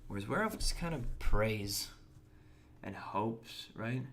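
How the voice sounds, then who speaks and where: A man's voice: on the low side, very animated, a little slow, fairly bright tone, slight background noise. A young man chatting casually while streaming a game, reading and answering chat and often restarting his words. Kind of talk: casual gameplay commentary.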